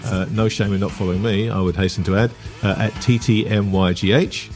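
A man co-hosting a casual sports chat podcast, with a slightly low voice. He talks in a dry, wry, unhurried way. Soft music sits faintly in the background. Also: steady tone. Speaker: podcast co-host.

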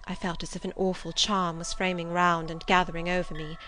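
A woman narrating a classic novel as an audiobook reader, with measured, expressive storytelling. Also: on the low side, a little hiss or hum, low-quality recording. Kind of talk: scripted literary narration.

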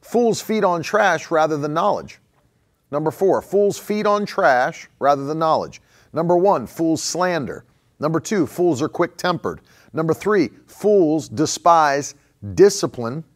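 A man's voice: a little high, animated, a little slow. A man preaching a conversational sermon as a pastor. He repeats phrases for emphasis and chuckles often.

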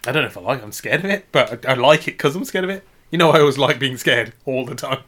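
A man's voice: medium pitch, animated, fast. A man co-hosting a podcast, chatting casually and laughing often as he jokes. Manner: laughs often, playful, goes loud on jokes. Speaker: podcast co-host. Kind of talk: casual joking chat.

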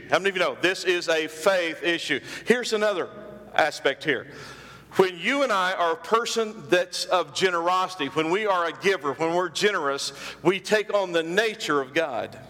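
A man's voice: high-pitched, expressive, moderate pace, sharp tone. A man preaching a sermon as pastor, repeating phrases and calling out questions to the congregation. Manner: call-and-response preaching, repeats phrases for emphasis. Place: church sanctuary. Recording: long hall reverb.

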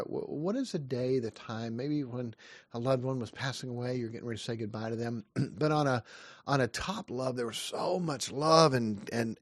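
A man in his fifties preaches earnestly, with rising questions and quick asides. His voice is dry and close, with a middle pitch. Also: no echo. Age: 50s. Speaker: pastor. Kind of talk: short devotional sermon.

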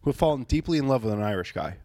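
A man's voice: medium pitch, lively intonation, rapid-fire, dark tone, no room sound. A young man co-hosting a podcast, talking casually and emphatically with crude humor. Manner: crude, emphatic, mock voices. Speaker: podcast co-host. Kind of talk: casual chat.

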